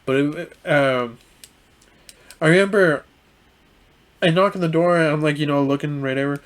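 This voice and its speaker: A young man recounts a story on a casual podcast, his slightly high voice stumbling through restarts. He acts out the other person's lines as he goes. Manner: halting, full of restarts and fillers, acts out quoted lines. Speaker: podcast co-host.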